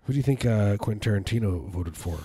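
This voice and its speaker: A man co-hosting a casual comedy podcast, riffing in a deadpan way on absurd ideas. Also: fairly low pitch, fast talker, slightly rough, no room sound. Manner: deadpan, absurd riffing with sudden funny voices. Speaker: podcast co-host.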